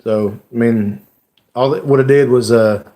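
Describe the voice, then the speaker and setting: Male streamer host, mid-pitched, casual, emotional, halting with many fillers. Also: warm tone. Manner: emotional, halting, lots of "you know" fillers. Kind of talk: casual live-stream chat.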